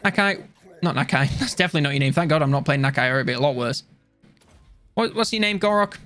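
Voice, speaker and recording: A young man chatting casually while playing a strategy game on stream, rambling and mocking himself with quick jokes. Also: mid-range voice, fairly bright tone, faint music behind. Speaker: gaming streamer. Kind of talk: casual let's-play commentary.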